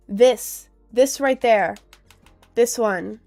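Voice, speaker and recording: A woman's voice: mid-range voice, unhurried, creaky, faint music behind. A woman streaming live and chatting casually as she reads viewer comments aloud. She is congested after a cold, so her voice sounds nasal, and she fills her talk with "um" and "like.". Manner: chatty, with many fillers like "um" and "like". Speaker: livestreamer and musician.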